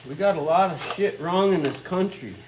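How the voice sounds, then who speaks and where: A man's voice: high-pitched, normal speed, a little hiss or hum, rough recording. A middle-aged man in his own workshop, ranting bluntly and swearing constantly in casual talk. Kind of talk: casual rant.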